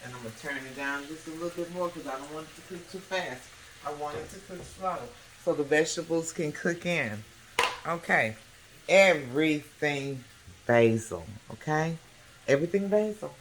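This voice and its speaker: A chatty woman with a low voice cooks in her home kitchen for a video, speaking at a moderate pace and repeatedly checking in with the viewer by asking "okay?". The kitchen is echoey, with background music and background noise.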